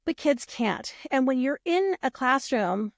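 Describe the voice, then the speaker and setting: Woman, podcast guest, casual storytelling, animated, swears freely, higher voice. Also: unhurried, creaky, dry recording, clean studio sound.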